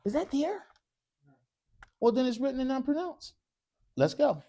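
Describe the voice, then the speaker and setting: Animated man quizzing an Arabic class. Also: very high-pitched, normal speed. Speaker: Arabic teacher. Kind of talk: classroom lesson. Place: mosque classroom.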